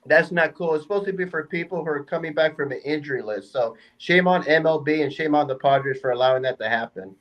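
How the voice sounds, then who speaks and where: A man's voice: fairly high pitch, fast talker, hardly any pauses, muffled recording. A man on a sports talk panel giving an indignant, sarcastic rant.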